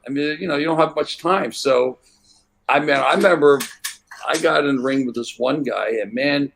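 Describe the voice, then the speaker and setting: An older man, a guest on an interview, telling rambling stories in a relaxed way and acting out the voices of people in them. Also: fairly high pitch, normal speed, gravelly, a little hiss or hum. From United States. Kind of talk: relaxed anecdotal storytelling.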